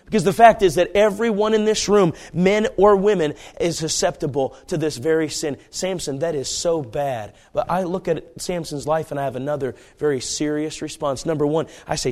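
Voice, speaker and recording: High-voiced fiery preacher. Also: male voice, brisk. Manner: swings from hushed murmurs to shouted pleas; acts out Bible characters with voices. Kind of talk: fiery sermon.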